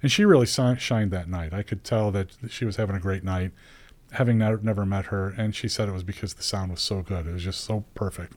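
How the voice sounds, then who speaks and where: Middle-aged man, lowish voice, casual rambling storyteller who laughs easily. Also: brisk, a little mellow, poor audio. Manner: chatty, rambling, laughs as he talks. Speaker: guest telling a story.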